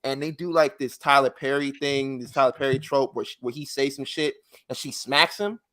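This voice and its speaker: A man co-hosting a casual wrestling podcast, telling stories with lots of slang and acting out quoted lines. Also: moderate pace. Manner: animated storyteller, acts out quotes in high voices. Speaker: podcast co-host.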